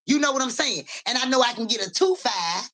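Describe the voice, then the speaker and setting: Bright-voiced woman telling stories. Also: fairly quick. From Memphis area, USA. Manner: animated, profane, keeps saying "so boom". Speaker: live-stream host. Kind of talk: casual live-stream storytelling.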